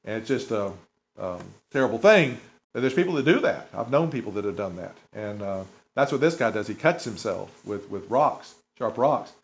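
A man's voice: on the low side, expressive, moderate pace. A man preaching a sermon in a conversational way, asking the listeners rhetorical questions. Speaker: pastor. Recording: dull lo-fi recording.

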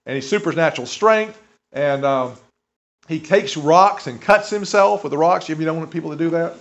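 Lo-fi preaching man, higher voice. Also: normal speed. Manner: conversational preaching with rhetorical questions and restarts. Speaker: pastor. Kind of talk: sermon. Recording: dull lo-fi recording.

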